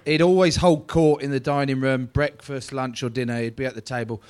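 A man's voice: mid-range voice, fairly even intonation, fairly quick, a little mellow. A man appearing as a guest at a live show, telling stories in a wry, dry way with casual swearing. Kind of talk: casual chat. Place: crowded live-show venue.

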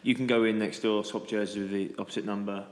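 A man's voice: lowish voice, fairly even intonation. A man in his own voice, a co-host who teases the others with jokey asides in casual banter. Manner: teasing, quick with jokey asides. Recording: echoey room with long reverb.

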